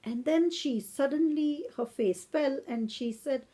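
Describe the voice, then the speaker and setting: A woman's voice: high voice, unhurried, hardly any pauses, dark tone. A woman from India, hosting a podcast and lecturing on philosophy in a reflective, storytelling way. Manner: reflective, storytelling, with a few self-corrections. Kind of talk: lecture-style podcast talk.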